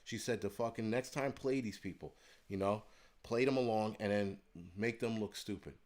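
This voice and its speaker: A man's voice: fairly low pitch, fairly even intonation, normal speed, a little mellow. A man hosting his channel, telling a story in a heated, profane rant. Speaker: host of a prepping channel. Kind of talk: ranting storytelling monologue.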